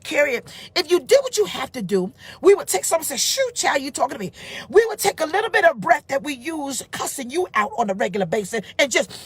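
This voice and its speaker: A middle-aged woman pastor preaching a live-streamed sermon, emphatic and informal, rising to shouts and reading out comments from viewers. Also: sits high, no echo.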